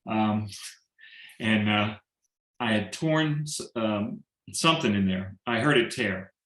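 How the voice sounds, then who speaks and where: A man's voice: on the low side, slow pace. Storytelling man in a roomy echo. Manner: animated storyteller who acts out quoted dialogue and jokes. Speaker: guest sharing a testimonial. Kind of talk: casual storytelling on a video call.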